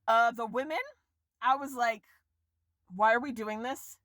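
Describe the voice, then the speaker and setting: Exasperated woman ranting, high dry voice. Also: fairly even intonation, measured pace, fairly bright tone, dry recording. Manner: exasperated, profane, sweeping pitch jumps. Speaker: vlogger reviewing a film. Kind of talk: casual rant to camera.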